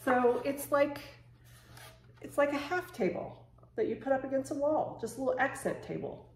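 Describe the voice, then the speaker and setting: A woman chatting casually to camera as she unboxes home decor, excitable and gushing, with quick bursts of surprise. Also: high-pitched. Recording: echoey room with faint noise.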